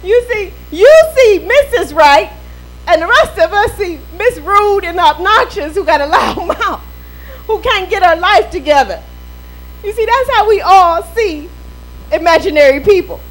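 A woman's voice: extremely high pitch, expressive, measured pace, poor audio. A middle-aged woman pastor preaching a sermon in a playful way, acting out quoted voices and laughing often.

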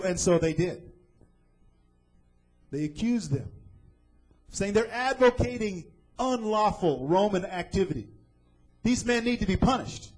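A man's voice: sits high, lively intonation, unhurried, pauses often, a little mellow, faint music behind, rough recording. A man preaching a sermon, retelling a scripture story dramatically and asking the listeners questions.

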